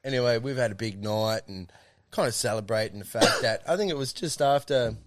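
A young Australian man tells a story in a loose, rambling way, swearing freely as he goes. His voice sits at an ordinary pitch. The recording is dry and close, with almost no room sound. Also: fairly quick, no room sound. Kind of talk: casual storytelling chat.

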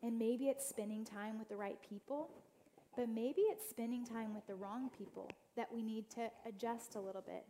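A woman speaking to a church gathering with a slightly high voice. She tells personal stories and talks straight to her listeners. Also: moderate pace, mellow, a little hiss or hum. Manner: storytelling, addresses the audience directly; acts out quoted family voices. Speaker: guest speaker. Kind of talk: inspirational church talk.

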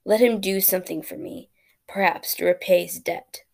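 A woman voicing a stern, money-loving male king with a deep, commanding delivery in a spoken storybook. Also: fairly even intonation, normal speed, creaky, darkish tone. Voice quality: deep, rich voice.

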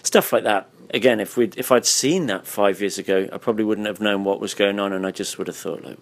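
A man's voice: fairly low pitch, a little fast, few pauses. A man hosting a casual interview, blunt and swearing freely, his voice tired. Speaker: podcast host. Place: hotel room.

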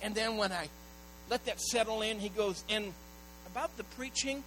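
A middle-aged man pastor preaching a sermon, moving between hushed storytelling and loud, urgent appeals to the congregation. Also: high voice, moderate pace, slight background noise, rough recording.

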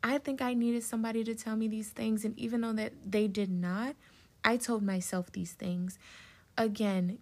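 A woman's voice: fairly high pitch, measured pace, darkish tone. A woman in her twenties hosting a personal solo podcast, speaking heartfelt encouragement directly to the listener and getting a little emotional. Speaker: podcast host. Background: plane passing.

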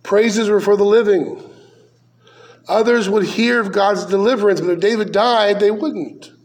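High-voiced man preaching verse by verse. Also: a little slow, a little mellow. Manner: conversational, with rhetorical questions and dry asides. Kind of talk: verse-by-verse sermon.

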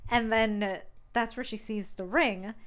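A woman's voice: a little high, a little slow. A woman co-hosting a podcast, casually retelling a book's plot, acting out the characters with swearing and laughter. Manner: animated storytelling, acting out characters with profanity and laughter. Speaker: podcast co-host. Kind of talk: casual book chat.

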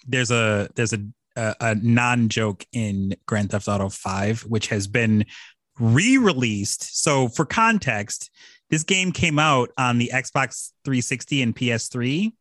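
A man co-hosting a casual podcast, retelling stories in a rambling, animated way with plenty of swearing. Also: mid-range voice, slow pace, dry recording, studio quality. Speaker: podcast co-host. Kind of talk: casual chat.

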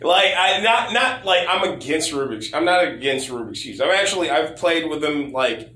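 A man in casual chat, rambling with many stammered restarts and a lot of swearing, his voice going hoarse. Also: on the high side, animated, normal speed, pushed and bright. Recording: roomy echo.

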